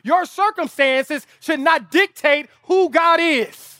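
Taking it slowly, a man with a very high-pitched voice preaches in a bright, forceful tone as pastor at an outdoor lawn service. His impassioned delivery pairs vivid storytelling about family with rhetorical appeals that grow emphatic through repetition. It's studio quality, free of room sound.

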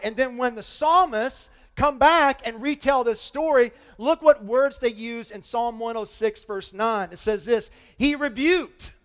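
Bright-voiced preacher asking rhetorical questions. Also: male voice, very high voice, a little slow, hardly any pauses. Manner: animated, asks many rhetorical questions. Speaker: pastor. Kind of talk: sermon.

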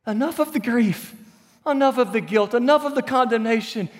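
A man preaching a sermon, moving between hushed whispers and bright, emphatic declarations. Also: very high-pitched, moderate pace. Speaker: pastor. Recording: long reverb of a large hall.

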